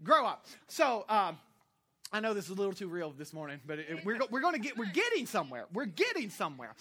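A woman from Florida preaching a sermon, blunt and animated with scolding asides. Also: medium pitch, fast talker. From Florida, United States. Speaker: pastor.

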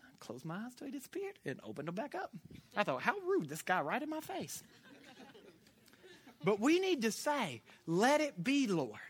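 A man preaching a sermon, telling a lively story with big swings between loud and hushed delivery. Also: sits high, normal speed, husky.

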